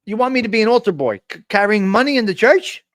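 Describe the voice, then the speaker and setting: A man's voice: sits high, animated, fast talker, fairly bright tone, no room sound, clean studio sound. A man with a New Jersey accent hosting a casual live-stream chat, brash and profane, joking and talking back to the chat.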